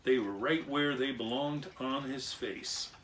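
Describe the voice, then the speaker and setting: A man's voice: medium pitch, a little slow, recorded from a distance, noisy background. A man reading a children's story aloud with expression, acting out animal and machine sounds along the way. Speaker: storyteller and clockmaker.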